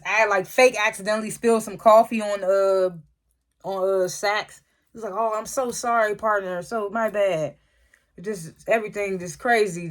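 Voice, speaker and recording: A reviewer loosely retelling a TV episode in a casual recap, with many "like" fillers and frequent throat clearing. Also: mid-range voice. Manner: loose storytelling, lots of "like" and "was like" retellings.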